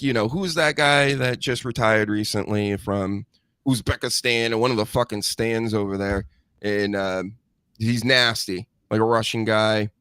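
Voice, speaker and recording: A man riffs as a podcast host, his talk blunt, rambling and laced with profanity. His voice sits at an ordinary middle pitch. The sound is dry and close, with no room around it. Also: fairly bright tone, smooth, no echo. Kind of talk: casual live-stream commentary.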